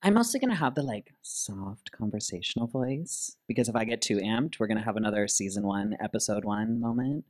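A man's voice: fairly low pitch, animated, brisk, few pauses. A man who performs as a drag queen, co-hosting a podcast in a playful, teasing chat with lots of laughter before a live audience.

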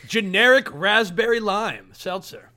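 A man co-hosting a podcast with a high, bright, forward voice. He chats with enthusiasm and keeps repeating the start of his phrases before landing on a thought. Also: expressive, unhurried. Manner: enthusiastic, stumbling restarts. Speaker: podcast co-host. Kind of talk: casual chat.

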